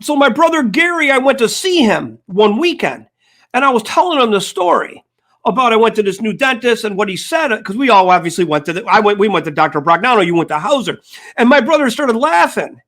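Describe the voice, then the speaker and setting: A man's voice: high voice, lively intonation, brisk, a bit bright. An older man co-hosting a casual sports talk show, telling rambling stories and acting out quoted dialogue. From United States. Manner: storytelling, acts out quoted dialogue. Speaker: podcast co-host. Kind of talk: casual chat.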